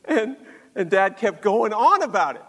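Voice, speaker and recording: An older man with a fairly high voice tells a personal story earnestly. His words ring with a long hall reverb. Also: big pitch swings, measured pace, fairly bright tone, breathy edge. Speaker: speaker sharing a faith story.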